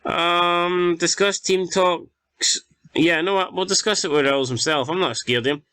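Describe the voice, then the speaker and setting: High-pitched and sharp yet smooth, this young Scottish gamer keeps a steady tone and measured pace while calling the action in his football management game. Exasperated, he swears through the casual YouTube commentary, captured in a dry recording.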